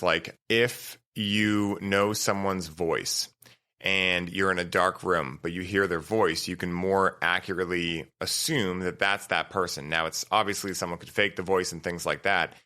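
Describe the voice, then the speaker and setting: A man's voice: sits low, sharp tone. A man hosting a podcast, talking in an easygoing, affirming way and explaining with everyday examples. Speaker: podcast host. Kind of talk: casual conversation.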